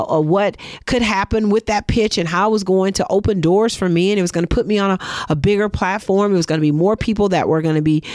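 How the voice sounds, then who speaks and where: A woman's voice: medium pitch, dry recording, clean studio sound. A middle-aged woman, a business owner, tells a personal story in a monologue and acts out the dialogue. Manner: expressive, acts out quoted dialogue.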